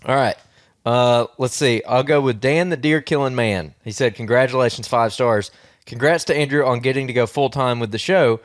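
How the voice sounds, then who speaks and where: A man's voice: medium pitch, moderate pace, no room sound, studio quality. A man co-hosting an outdoors podcast, telling stories in a laid-back, jokey way. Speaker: podcast co-host. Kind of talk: casual chat.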